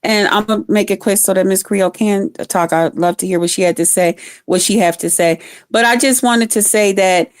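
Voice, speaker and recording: A woman's voice: mid-range voice, steady tone, normal speed, few pauses, no room sound, studio quality. A woman guest on a live stream, speaking earnestly and emphatically in casual chat. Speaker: guest caller.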